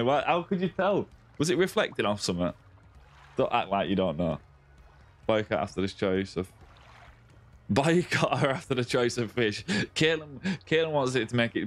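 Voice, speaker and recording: A young man on a live game stream, chatting casually and greeting viewers by name as mate and buddy. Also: medium pitch.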